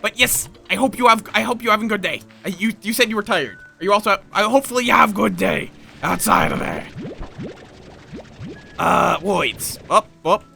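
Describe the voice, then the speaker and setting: A young man streaming a video game, chatting casually with his viewers, swearing now and then and reacting out loud. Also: sits high, normal speed, gravelly. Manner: animated, chatty, swears, talks to chat. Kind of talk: casual gameplay commentary. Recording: faint game music behind.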